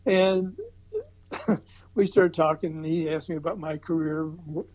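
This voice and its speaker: An older man from the American South, telling an animated story in casual chat with chuckles and restarts. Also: on the high side, a little slow. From Southern United States. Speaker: record promotion veteran telling a story. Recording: slightly dull, muffled recording.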